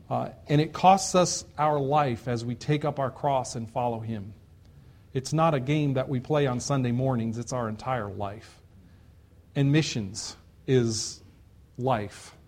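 A pastor preaching from the pulpit in a slightly high, clear male voice. He drives each point home with emphatic repetition. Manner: earnest preaching with repeated emphatic phrases. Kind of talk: sermon.

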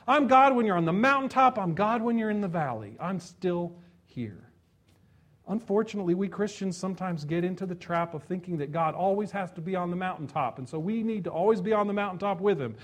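A man preaching a sermon in a conversational way, moving between loud emphasis and soft, hushed passages, with chuckles and asides. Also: sits high, lively intonation, brisk. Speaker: pastor.

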